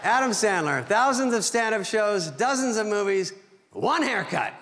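A middle-aged man giving a dry, deadpan stand-up roast on a theater stage, pausing for his punchlines. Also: high-pitched. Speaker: comedian roasting a friend. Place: theater stage at an award ceremony. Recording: reverberant hall, noisy live recording.

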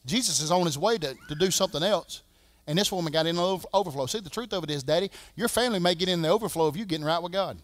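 Southern pastor guy preaching in church, high voice, dry sound, loud then quiet. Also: very fast, no room sound. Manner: preaching with swings from shouting to hushed. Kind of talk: sermon. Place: church sanctuary.

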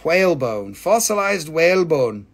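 Man, rock seller, live stream, high voice, gravelly fry, joking, profane. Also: very animated, measured pace. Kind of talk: casual live sales stream.

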